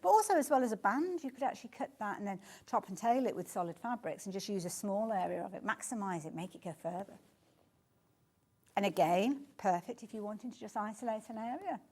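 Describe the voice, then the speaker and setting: A woman's voice: mid-range voice, lively intonation, fairly quick, darkish tone. A woman presenting fabrics on a live TV sales show, chatty and gushing, praising each design. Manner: gushing, chatty, keeps saying beautiful. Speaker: shopping channel presenter. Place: TV studio.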